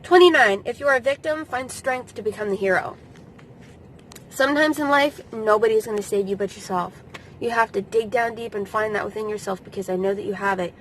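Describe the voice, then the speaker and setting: A woman's voice: medium pitch, a little fast, slight background noise, rough recording. A woman in her thirties giving casual advice to camera in a vlog, blunt, emphatic and freely swearing. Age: 30s. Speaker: vlogger.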